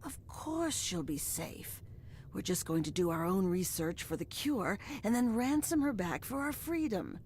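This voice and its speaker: An actress voicing a calm, scheming female rebel in a video game, measured and confiding. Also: medium pitch, slight background noise. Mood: conspiratorial.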